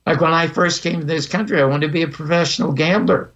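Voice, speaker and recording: A man's voice: a little high, steady tone, quick pace, a bit bright. A man in his eighties, a podcast guest telling vivid personal anecdotes and acting out the dialogue. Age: 80s. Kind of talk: storytelling interview. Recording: dull lo-fi audio.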